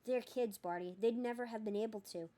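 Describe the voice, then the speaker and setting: A woman voicing a gentle witch who speaks in a hushed, soft way. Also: fairly high pitch, a little fast, lightly acted. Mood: pleading. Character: gentle witch in a dressing gown.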